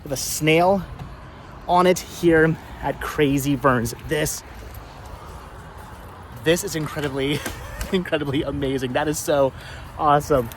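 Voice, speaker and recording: A male vlogger talking excitedly outdoors at a roadside car wash, repeating himself and laughing often as he shows things to the camera. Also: fairly high pitch, unhurried, pauses often. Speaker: vlogger host. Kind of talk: casual vlog narration. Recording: outdoor recording with faint road noise. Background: faint traffic and honking.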